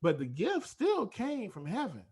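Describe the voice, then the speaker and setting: A man's voice: high voice, wildly swooping pitch, a little mellow, husky. A man hosting a podcast, making his points in an earnest, emphatic way during a casual chat. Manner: earnest, emphatic, talks in quick bursts. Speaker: podcast host. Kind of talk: casual conversation.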